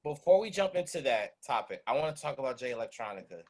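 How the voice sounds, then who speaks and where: A man on a casual podcast panel, arguing his picks in an animated, emphatic way. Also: medium pitch, quick pace. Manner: animated, emphatic, laughs a lot. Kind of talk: casual debate chat.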